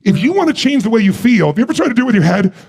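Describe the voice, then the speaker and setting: A man giving a live motivational seminar on a stage before a large audience, energetic, firing rhetorical questions at the crowd and at times shouting to rouse them. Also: very high voice, rapid-fire, gravelly, breathy edge. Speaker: motivational speaker.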